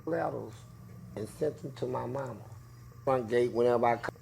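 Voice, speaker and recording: Animated, profane man telling prison stories. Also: fairly quick, creaky, slight background noise. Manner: profane, acts out voices with big pitch jumps. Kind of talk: animated storytelling.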